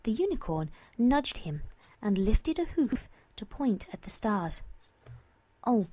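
Slow, expressive woman storybook narrator. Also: a little high, husky. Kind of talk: storybook reading.

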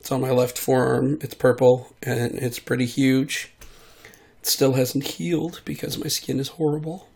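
A man hosting his own podcast in a casual solo monologue, talking in a sick, hoarse voice into a studio mic, rambling and self-deprecating with awkward jokes. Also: medium pitch, little pitch movement, moderate pace, a little mellow. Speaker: podcast host and voice artist. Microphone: studio mic at home.

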